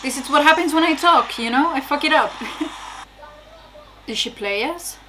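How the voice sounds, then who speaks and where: A woman's voice: high voice, animated, unhurried, pushed and bright, slight background noise. A young woman casually reacting aloud to a TV episode, exclaiming, swearing and laughing between remarks. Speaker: reaction video host.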